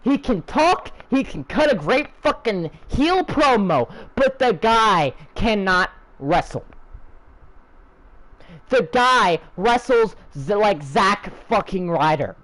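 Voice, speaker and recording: A man's voice: sits high, sing-song, takes it slowly, a bit bright, poor audio. A young man delivering an angry, profane, sarcastic rant as a channel host.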